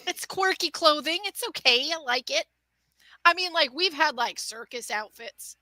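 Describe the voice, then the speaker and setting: A Midwestern woman co-hosting a casual podcast, her voice high and bright. She chats freely and laughs often. The sound is dry and close, with little room. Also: moderate pace, no room sound. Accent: Midwestern American. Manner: chatty, laughs easily. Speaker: podcast co-host.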